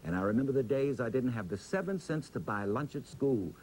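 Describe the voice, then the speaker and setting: A man, interviewed as a preacher, tells his story with a dramatic, drawn-out pulpit cadence. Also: mid-range voice, expressive, darkish tone, slight background noise, rough recording.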